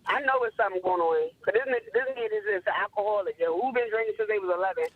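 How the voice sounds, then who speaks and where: A woman's voice: medium pitch, racing. A woman, calling in to a show and talking bluntly and with emphasis, repeating herself. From Philadelphia area. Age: 30s. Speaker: caller. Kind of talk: casual phone-in chat. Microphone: phone. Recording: tinny phone line.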